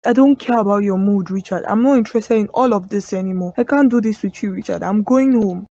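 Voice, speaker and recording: Woman voicing a scared pregnant cartoon woman, Nigerian accent, mellow voice, dull lo-fi sound. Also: mid-range voice, quick pace, close to an everyday voice. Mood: frightened. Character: frightened pregnant young woman.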